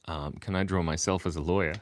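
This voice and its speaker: A man chatting with viewers on a live stream while he draws, keeping his voice low and quiet because it is early morning at home, playful and rambling. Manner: talking quietly, hushed. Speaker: livestreaming artist. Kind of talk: casual live-stream chat while drawing.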